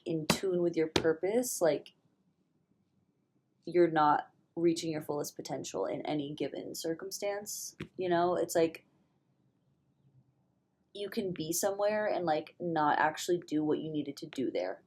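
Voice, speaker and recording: A young woman with a low voice talks in a loose, rambling way, stuffed up and worn out from a hangover. She swears without a second thought, and now and then her voice falls to a whisper. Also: unhurried, a little mellow, slight background noise. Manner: rambling and candid, swears freely, with sudden whispered asides. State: hungover and stuffy-nosed. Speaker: vlogger. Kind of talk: casual spiritual vlog monologue.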